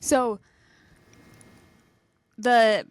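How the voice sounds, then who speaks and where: A young adult woman co-hosting a podcast, telling stories in a lively way and laughing as she goes. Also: on the high side, drawn-out words, dry recording. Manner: animated storyteller, laughs mid-sentence. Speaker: podcast co-host. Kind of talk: casual chat.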